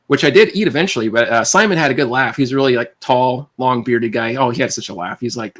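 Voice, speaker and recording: Man, livestreamer, casual storytelling, rapid rambling delivery, animated, mid-pitched. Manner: rambling, animated, restarts and tangents.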